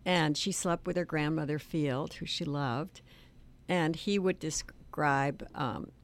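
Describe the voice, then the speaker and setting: An older woman telling family stories in an interview, hesitant and soft-spoken. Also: low-pitched, slow. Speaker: author and guest. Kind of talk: storytelling interview.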